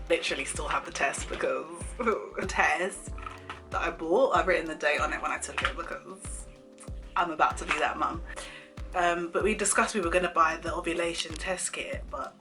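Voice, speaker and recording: A young woman telling a personal story to camera in casual chat, animated and laughing often as she acts out quoted lines. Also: on the low side. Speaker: vlogger.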